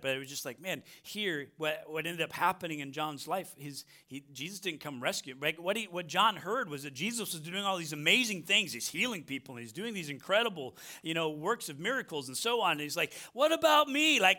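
A man's voice: fairly high pitch, fast talker, few pauses, pushed and bright. A middle-aged American man preaching a sermon, emphatic, repeating phrases and asking "right?" often. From United States. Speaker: pastor.

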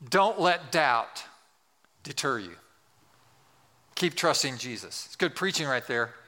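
A man's voice: medium pitch, animated, takes it slowly, sharp tone. A man in his sixties, a pastor delivering an emphatic sermon in a large church, repeating key phrases and asking the congregation questions. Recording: long reverb of a large hall.

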